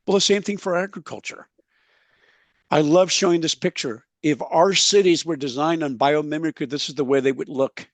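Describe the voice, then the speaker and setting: A man's voice: a little high, no echo. Emphatic, folksy man with a dry sound. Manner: emphatic, folksy, slows to stress key points. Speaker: soil health speaker. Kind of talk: animated conference presentation. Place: conference session.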